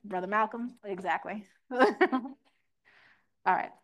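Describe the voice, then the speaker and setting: A young woman gives an interactive classroom lecture as a teach-in speaker, asking the room questions and acting out quoted voices. Her voice is medium pitch, slow and fairly bright in tone.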